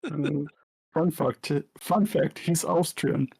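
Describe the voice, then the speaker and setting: Raspy creaky man, dry and curious. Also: on the high side, takes it slowly, darkish tone. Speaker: co-host. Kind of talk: casual chat.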